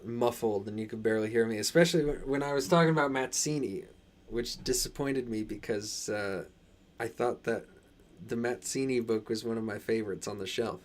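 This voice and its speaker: A man in a casual live stream, talking in a put-on transatlantic accent at a mid pitch. He reads chat and replies in loose, halting sentences full of fillers and restarts. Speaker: channel host reading live chat.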